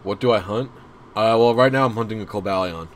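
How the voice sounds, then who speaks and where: Rambling young man streaming, low voice. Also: brisk, slight background noise. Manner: rambling and self-deprecating. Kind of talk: casual livestream chat.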